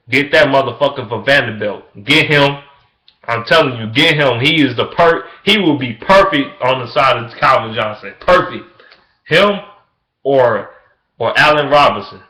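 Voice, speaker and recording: Young man, bright forceful voice, profane, repetitive, echoey room. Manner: swings from loud excitement to low mutters. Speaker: vlogger. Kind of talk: casual sports rant.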